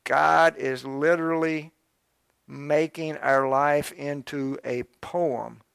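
Male pastor preaching, fervent and pushy, slightly high voice, dry close sound. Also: steady tone, takes it slowly, creaky, clean tone, no room sound. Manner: fervent, exhorting, urgent early and quieter and reflective later. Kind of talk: sermon.

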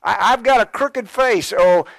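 A man's voice: sits high, measured pace, vocal fry, fairly bright tone, no room sound, pitched above the performer's own voice, exaggerated voice, poor audio. A male preacher voicing a timid, stammering man who lists his own excuses in a whiny, self-pitying tone.

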